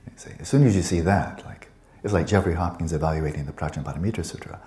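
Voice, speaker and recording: A man with a deep, mellow voice gives a loose, conversational dharma talk. He wanders into playful asides and circles back to his point. The sound carries in a roomy, echoey space. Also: fast talker. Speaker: Buddhist teacher.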